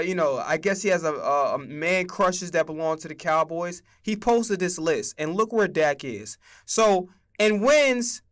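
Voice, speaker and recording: A man's voice: high voice, fairly bright tone. A young man streaming a casual sports rant, emphatic and profane as he argues his takes.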